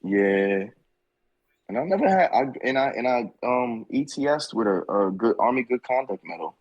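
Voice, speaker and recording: Husky laid-back man telling stories. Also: mid-range voice, expressive, moderate pace, darkish tone, highs cut off. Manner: laid-back, joking, swears often. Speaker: podcast guest, army veteran. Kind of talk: casual chat, storytelling.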